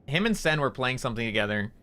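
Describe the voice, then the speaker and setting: Bright-voiced, rambling young man streamer. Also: medium pitch, very animated, fast talker, a little hiss or hum, low-quality recording. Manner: rambling, profane and joking. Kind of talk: casual chat while streaming a game.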